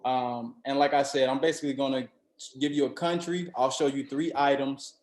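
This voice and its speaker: A man's voice: mid-range voice, fairly even intonation, moderate pace, darkish tone, a little hiss or hum. Upbeat male game host in a roomy echo. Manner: upbeat, reads out options. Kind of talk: hosting a comedy game.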